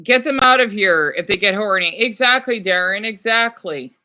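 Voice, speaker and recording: A woman's voice: mid-range voice, lively intonation, normal speed, sharp tone. A woman vlogger chatting casually as she reacts to a news clip, talking to herself with frequent exclamations. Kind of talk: casual chat.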